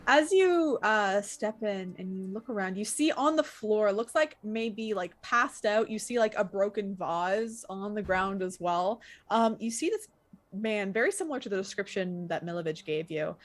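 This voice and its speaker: A woman's voice: mid-range voice, animated, moderate pace. A woman narrating a tabletop game as game master, casual and hesitant, with many fillers.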